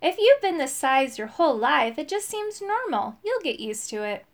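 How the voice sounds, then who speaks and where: A woman's voice: high voice, very animated, moderate pace, pitched above the performer's own voice. A woman voicing a friendly, encouraging male elf in a storybook. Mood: reassuring.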